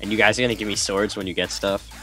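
A man's voice: fairly low pitch, fairly even intonation, rapid-fire, sharp tone. A young man chatting impatiently and teasing his friends during a game. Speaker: gamer. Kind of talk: casual chat over gameplay. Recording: background music track.

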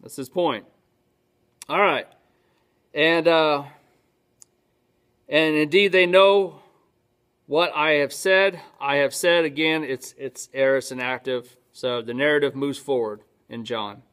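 Pastor man teaching, slightly high voice. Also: takes it slowly, pauses often, a bit bright. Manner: conversational, asks and answers his own questions. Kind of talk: teaching sermon. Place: church.

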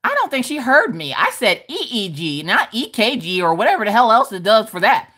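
A woman in her thirties hosts a craft livestream and chats casually with viewers. Her voice sits fairly high and swings widely, lively and expressive, with plenty of swearing. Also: fairly quick, husky. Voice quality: animated, profane, chatty. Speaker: livestream host. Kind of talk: casual storytelling chat.

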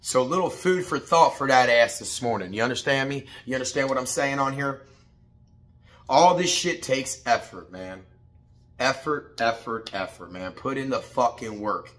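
Brief: blunt, foul-mouthed motivational vlogger, middle-aged man, bright edge, repetitive, pushes to hype shouts. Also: mid-range voice, moderate pace. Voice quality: profane, blunt, street-casual. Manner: preachy, repetitive, rising to shouted pep talk. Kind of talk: morning motivational talk to camera.

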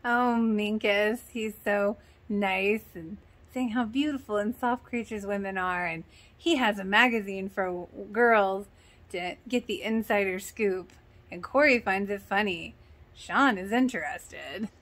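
A woman's voice: medium pitch, a little slow, a bit bright. A woman casually recapping a sitcom episode in a chatty, giggly way, often acting out the characters' lines. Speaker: reaction channel host.

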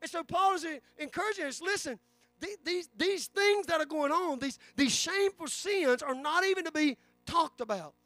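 A fervent pastor in his forties, preaching with a very high-pitched voice that keeps stumbling and restarting as he drives his point home. The sound is close and dry, with faint music underneath. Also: animated, moderate pace, pushed and bright, dry recording. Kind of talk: sermon. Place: church sanctuary.

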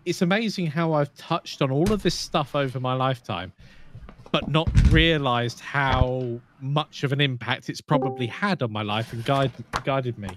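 A man's voice: mid-range voice, moderate pace, background noise. A man co-hosting a casual video-call podcast, reminiscing in a chatty way. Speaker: podcast co-host. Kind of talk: casual chat.

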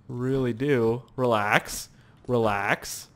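A young man giving casual, profane gameplay commentary with sudden loud outbursts. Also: medium pitch, expressive, moderate pace.

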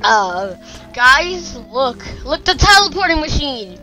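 A woman's voice: high-pitched, sing-song, slow, music in the background, rough recording. A woman acting out a game role-play dramatically, full of panicked questions.

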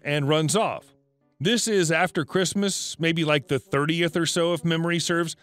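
A man reading a written story aloud as a narrator, with even, read-aloud delivery. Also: fairly high pitch, no echo. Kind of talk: scripted narration. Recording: dry close voice with faint music.

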